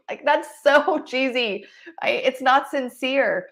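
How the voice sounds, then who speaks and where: Slow and high-voiced, this woman coaches an online marketing session, stressing her points expressively, acting out examples, and laughing frequently as she goes.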